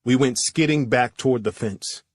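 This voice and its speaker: A man narrating a first-person thriller audiobook in a steady, measured reading. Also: mid-range voice, dry recording.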